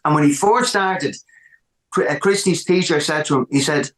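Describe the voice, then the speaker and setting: A man with an Irish accent, a musician telling stories in a casual interview, animated and repeating words for emphasis. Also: on the high side, normal speed, roomy sound. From Ireland. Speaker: musician guest.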